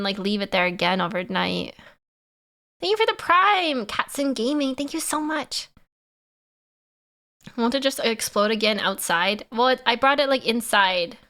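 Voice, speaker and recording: A woman livestreamer talks casually to her chat. Her voice is bright and forward and sits a little high, and she laughs between stories. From Canada. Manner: chatty, laughs often, answers chat.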